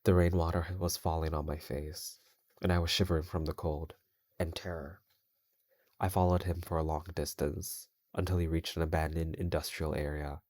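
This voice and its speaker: A man hosting his channel, reading scary stories in a measured, steady way while he plays a game. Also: rumbling low, no echo, studio quality. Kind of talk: horror story reading while gaming.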